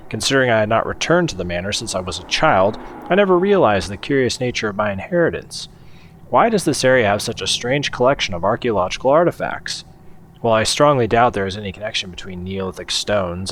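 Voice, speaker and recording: A man's voice: lowish voice, a bit bright, slight background noise. A man hosting a game playthrough, chatting and joking with mild swearing as he plays. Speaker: let's play host. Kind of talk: casual gameplay commentary.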